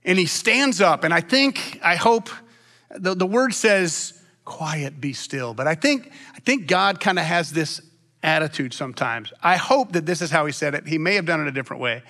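A man preaching a sermon as pastor, long-winded and animated, with frequent restarts. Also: fairly high pitch, moderate pace, creaky.

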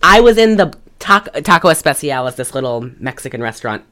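A woman's voice: low voice, fairly quick. A woman hosting a local podcast in casual chat, telling stories with lots of laughter. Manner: animated, laughing, chatty storytelling. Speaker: podcast host. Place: local area in Michigan, lives in Taylor.

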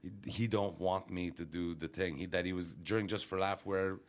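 Low-voiced male comic, casual podcast storyteller, swears freely, restarts sentences. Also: steady tone, normal speed. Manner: rambling, profane, self-interrupting. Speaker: comedian. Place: radio studio.

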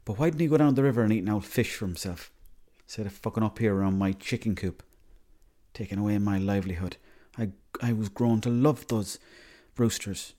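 A young Irishman with a fairly low voice rambles through a comic monologue. He keeps it deadpan and throws in plenty of swearing. His tone stays warm and mellow. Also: brisk. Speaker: comedy monologuist.

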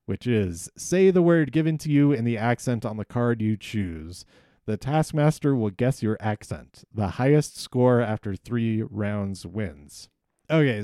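A man's voice: mid-range voice, warm tone, dry recording, clean studio sound. A man hosting a podcast, recapping an episode in casual solo talk, rambling and hesitant with many ums and restarts. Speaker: podcast host.

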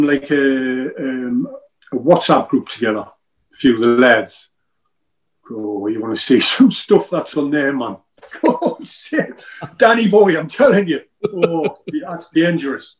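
A man's voice: medium pitch, low-quality recording. A man, a former footballer telling rambling, joking stories in an interview and often repeating himself. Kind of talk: casual interview chat.

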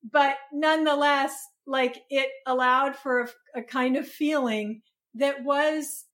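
A woman's voice: high-pitched, steady tone, slow, a bit bright. A woman guest on a podcast, talking in a thoughtful, searching way with frequent restarts. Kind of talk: podcast conversation.

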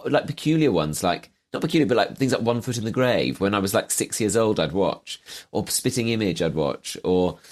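A man's voice: on the low side, darkish tone. A man, a comedian, chatting casually in a wry, self-deprecating way about growing up. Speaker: comedian guest. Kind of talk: casual chat.

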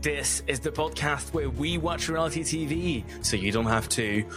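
A man's voice: fairly high pitch, normal speed, music in the background. A young man hosting a casual podcast, playful and chatty, joking and laughing with his co-hosts. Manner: playful, sings his intro. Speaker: podcast host.

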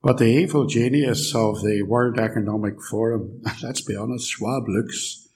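A man's voice: fairly low pitch, fairly even intonation, measured pace, darkish tone, slight background noise, poor audio. A man from the United Kingdom giving a live lecture in a church, sardonic and fond of rhetorical questions. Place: church hall.

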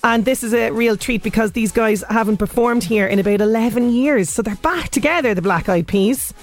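A woman's voice: a little high, fairly quick, soft background music. A woman with an Irish accent presenting a radio show in casual chat, laughing often as she talks.

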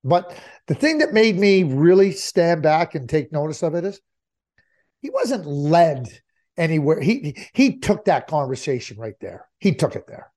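A man's voice: on the high side, sing-song, a little slow, darkish tone. A man talking hockey as an analyst in a casual chat, emphatic and repeating his points for effect.

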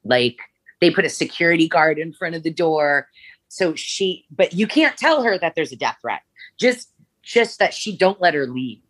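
A woman's voice: sits low, very animated, normal speed, dry recording. A woman guest in an interview, telling long stories in a rambling way with many fillers and restarts. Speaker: former makeup artist, guest. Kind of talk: storytelling interview.

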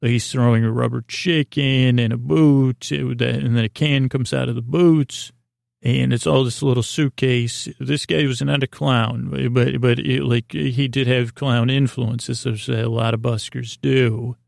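A man with a gravelly, creaky edge tells a long story in a loose, meandering way, often stopping to search for words. He sounds close and dry, with no room around him. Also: medium pitch, fairly even intonation, unhurried, darkish tone, dry recording. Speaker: podcast host. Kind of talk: rambling storytelling monologue.

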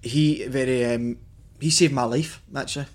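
A man's voice: medium pitch, fairly even intonation, normal speed. A Scottish man, a former footballer, co-hosting a podcast, talking enthusiastically about football and stumbling over his words. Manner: enthusiastic, repeats himself, laughs often. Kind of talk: casual football chat.

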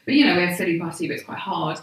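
A woman's voice: on the low side, animated, racing, echoey room, distant mic, poor audio. A woman, a podcast guest who tells rambling, self-deprecating stories with lots of laughter. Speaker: podcast guest, comedic actress. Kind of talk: casual chat.

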